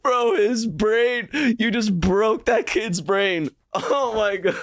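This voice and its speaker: Loose, excitable male streamer, easygoing pace, dry close-miked sound. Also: high-pitched, takes it slowly, no echo. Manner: swears freely, laughs often, loose and excitable. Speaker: streamer reacting to clips. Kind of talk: casual chat.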